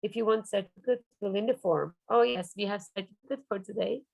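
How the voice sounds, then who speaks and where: A woman runs a teacher-training workshop over a video call, talking animatedly as she holds up her teaching materials. Her voice carries a gravelly fry. The sound is close and dry. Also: mid-range voice, a little fast, no room sound, poor audio. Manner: animated, demonstrative, shows props.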